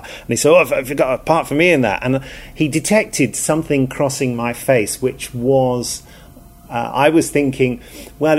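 Male producer, middle pitch, lively anecdote delivery. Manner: animated storytelling, quotes others. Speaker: producer and writer.

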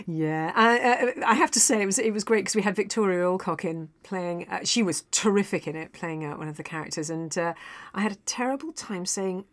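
An actress chatting in a lively, self-deprecating way about her work. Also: mid-range voice, a little fast. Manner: animated, laughing, self-deprecating. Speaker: actor. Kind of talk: casual chat.

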